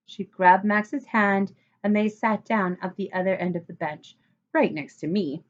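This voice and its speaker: A woman reading a children's chapter book aloud in an expressive way. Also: medium pitch, unhurried, highs cut off. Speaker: storybook reader.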